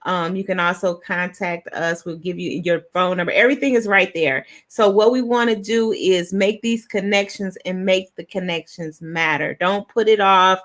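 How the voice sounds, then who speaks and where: A woman hosting a talk show on a video call, raspy as she loses her voice, playful and effusive. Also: lowish voice, fairly even intonation, normal speed, few pauses, fairly bright tone. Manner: effusive, playful, laughs often. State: losing her voice. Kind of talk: casual chat.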